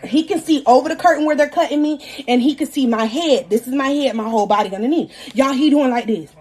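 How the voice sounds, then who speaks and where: A young woman in her twenties casually telling her viewers a story, animated, profane and self-mocking, acting out the voices of the people in it. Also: high voice, fast. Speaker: vlogger.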